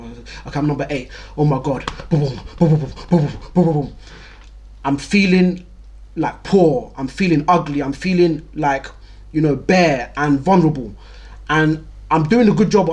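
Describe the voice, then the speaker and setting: A young man telling a personal story in a candid, vivid way, repeating words for emphasis. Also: on the high side. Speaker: storyteller host.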